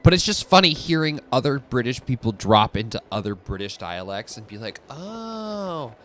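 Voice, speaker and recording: A man's voice: fairly low pitch, brisk, slight background noise. A young man chatting casually and giggling while he streams a game. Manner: animated, giggly and rambling. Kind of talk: casual chat while gaming.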